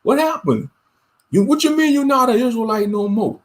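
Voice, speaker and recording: A taunting relative who jeers and repeats himself in a raised voice, as a man puts him on. He sounds pointed and scornful, with his pitch pushed well above his normal speaking voice. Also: animated, normal speed. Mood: puzzled. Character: mocking skeptical relative, adult man.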